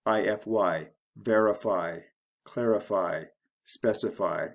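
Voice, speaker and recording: Slow, measured male English teacher. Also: fairly low pitch, creaky. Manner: measured, spelling out letters and stressing syllables. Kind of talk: slow scripted grammar lesson.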